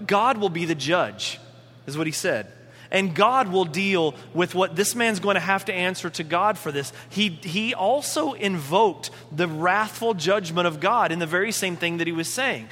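A man preaching a sermon as a pastor, animated and acting out the voices he quotes. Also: high voice, normal speed, long reverb tail.

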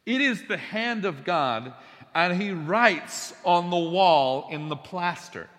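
A man delivers a sermon in a bright, forceful voice pitched a little high. He tells his stories with drama, dropping to slow, hushed passages and then bursting out loud. The sound carries a long reverb, as in a large hall. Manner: animated storytelling, swinging between hushed and loud. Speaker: preacher.

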